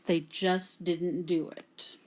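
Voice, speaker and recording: A woman's voice: on the low side, flat delivery, slow pace, darkish tone. A woman from Texas, teaching a classroom grammar lesson at a whiteboard and patiently checking in with "okay?" after nearly every point. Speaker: Latin teacher.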